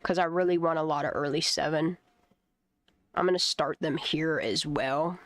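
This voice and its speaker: A woman chatting casually at home while planning a garden, swearing freely and breaking into sweet high baby talk with her cat. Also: normal speed, no room sound. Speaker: channel host.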